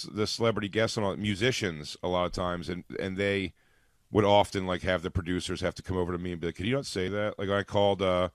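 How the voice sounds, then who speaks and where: A man with a somewhat low voice tells rambling anecdotes on a radio show. He halts and restarts as he goes. The sound is dry and close. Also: no echo. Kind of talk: casual chat.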